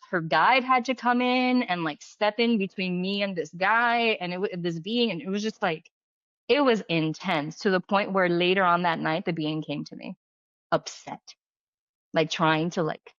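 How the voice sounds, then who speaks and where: A woman's voice: mid-range voice, no echo. Chatty middle-aged woman, lo-fi. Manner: chatty, filler-heavy, acts out quoted dialogue. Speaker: medium and healer, podcast guest. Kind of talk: casual storytelling interview. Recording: dull lo-fi dry sound.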